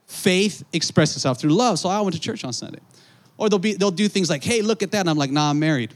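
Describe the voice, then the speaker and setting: A male pastor delivers a sermon in a lively storytelling way. His voice sits a bit high, and he calls out to the congregation between stories. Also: quick pace. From Southern California. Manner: animated storytelling, acting out voices, calls to the crowd.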